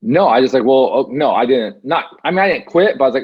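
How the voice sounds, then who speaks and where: A man's voice: mid-range voice, animated, fast, hardly any pauses, breathy edge, highs cut off. A man as an interview guest, telling his story casually with many fillers and restarts over a video call. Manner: rambling with frequent fillers and restarts.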